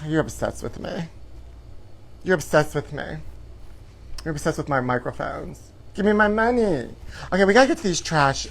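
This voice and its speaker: A man's voice: a little high, creaky, slight background noise. A man hosting a live show from his apartment, chatty and theatrical, sprinkling "honey" through his campy gossip. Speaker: host.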